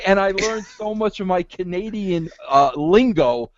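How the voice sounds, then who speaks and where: A man on a casual podcast call, talking excitedly in rambling stories and saying "bro" constantly. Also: sits high, a little slow, dry recording, highs cut off.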